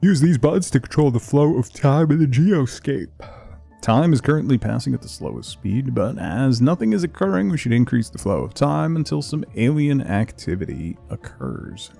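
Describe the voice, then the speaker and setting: A man streaming a game, reading the tutorial text aloud in a flat, exhausted, yawning way. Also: moderate pace, vocal fry, soft background music. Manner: flat, low-energy delivery.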